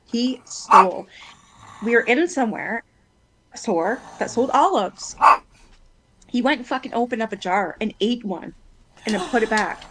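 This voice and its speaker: A woman's voice: on the high side, expressive, a little slow, long pauses, background noise. Blunt, cursing woman in casual chat. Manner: blunt, swears freely, retells her son's words.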